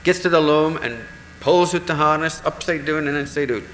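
A man telling a traditional folk tale in a lively, animated way, acting out the voices in the dialogue. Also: a little high, moderate pace, echoey room, in a large hall, slight background noise, rough recording. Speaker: storyteller.

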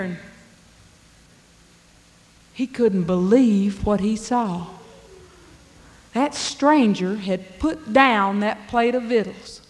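A woman telling a folk tale in a drawling, dialect-rich way. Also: medium pitch. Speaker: storyteller. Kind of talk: folk storytelling performance. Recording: long hall reverb.

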